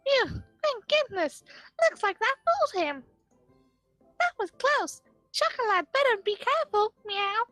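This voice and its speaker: A woman voicing an excitable young cat girl from a video game who speaks of herself in the third person and meows. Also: very high voice, unhurried, no echo, faint music behind, full character voice. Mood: cheeky.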